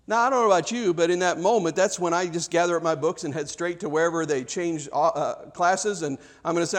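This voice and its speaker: A man with a rather high voice preaches a sermon, talking to his congregation like a friend. He is animated and conversational, often restarting his words as he goes. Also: brisk, hardly any pauses. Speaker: pastor.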